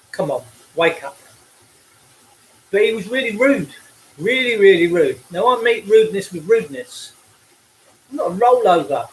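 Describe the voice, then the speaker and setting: A man's voice: high voice, poor audio. Breathless, combative Englishman on a bike. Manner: blunt, combative, preachy. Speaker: livestreamer. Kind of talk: casual livestream rant. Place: outdoors, cycling.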